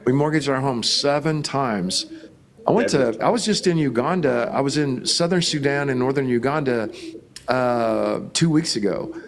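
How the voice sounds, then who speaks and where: Middle aged pastor guy telling stories, animated, does all the voices. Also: medium pitch, normal speed. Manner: animated, acts out quoted voices. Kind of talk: storytelling in an interview.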